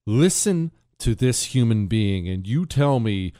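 A middle-aged man hosting a talk radio show, delivering an opinionated monologue in an animated, indignant way that swings between loud outbursts and quiet asides. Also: on the low side, unhurried, dry recording, studio quality.

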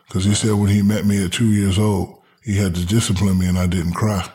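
Man, 40s, low voice, casual storytelling, playful mimicry, talk show guest. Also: level tone, brisk, hardly any pauses, dark tone, slightly rough. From Newark, New Jersey, USA. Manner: storytelling, mimics people, joking boasts. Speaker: retired basketball player, podcast guest. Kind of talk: casual chat.

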